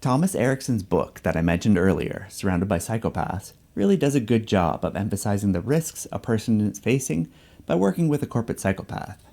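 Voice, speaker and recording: A man giving measured, scripted narration for an explanatory video essay. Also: fairly low pitch, sing-song, dark tone.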